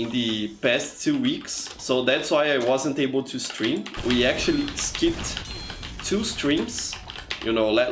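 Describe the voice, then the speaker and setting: This Brazilian man, a teacher who also streams, greets his viewers and chats loosely during gameplay, often saying "you know." His mid-range voice is fairly bright, recorded in an echoey room with faint music and a little hiss or hum.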